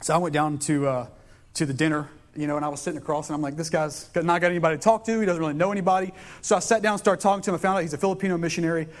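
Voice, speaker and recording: A man's voice: a little high, fairly even intonation, racing. A young man preaching a sermon in a casual, storytelling way, in a church. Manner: casual, storytelling, conversational preaching with frequent restarts. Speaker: pastor. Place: church sanctuary.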